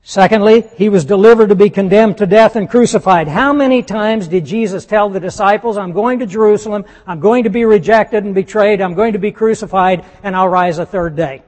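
Brief: male preacher, high voice, emphatic sermon delivery with rhetorical questions, long hall reverb. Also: a little fast, few pauses, darkish tone.

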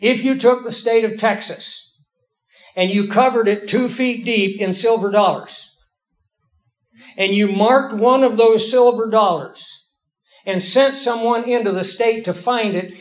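Emphatic preacher with a high voice. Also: male voice. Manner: folksy, emphatic, slows down for key lines. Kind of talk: sermon.

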